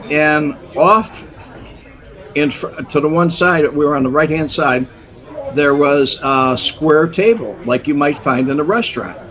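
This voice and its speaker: Older man, animated storyteller. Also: on the high side, measured pace. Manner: animated storyteller, chuckling often, acting out voices. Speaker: guest, former undercover informant. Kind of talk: storytelling interview.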